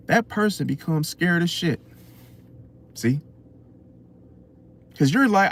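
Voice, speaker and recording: A man's voice: high voice, very animated, measured pace, long pauses, a bit bright. A man hosting an astrology channel, giving an unscripted motivational talk full of rhetorical questions and repeated "see?". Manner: preachy, rhetorical questions, keeps saying "see?".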